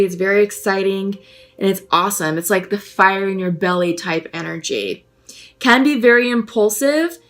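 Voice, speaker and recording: A woman giving a spoken tarot reading, musing and gentle, pausing often with fillers as she thinks aloud. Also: medium pitch. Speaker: tarot reader.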